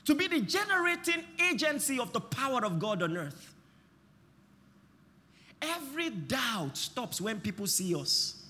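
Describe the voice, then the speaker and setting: Impassioned high-voiced preacher man, shouting bursts. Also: very animated, measured pace, big-room sound. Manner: impassioned, shouting bursts, repeating lines for the congregation. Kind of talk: sermon.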